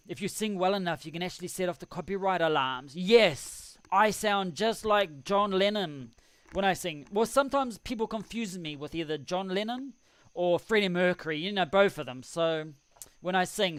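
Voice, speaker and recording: A man talks at a relaxed ramble, reading messages from his live chat and laughing at his own jokes. His voice sits fairly high for a man. The sound is dry and close on a desk mic at home. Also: clean tone, dry recording. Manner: rambling, chuckling, self-deprecating. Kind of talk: casual live-stream chat. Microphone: desk microphone.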